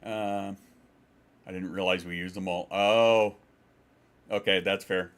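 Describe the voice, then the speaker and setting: A man's voice: deep voice, steady tone, slow pace, a bit bright. A man streaming from home, chatting casually and rambling, swearing and reading out chat messages.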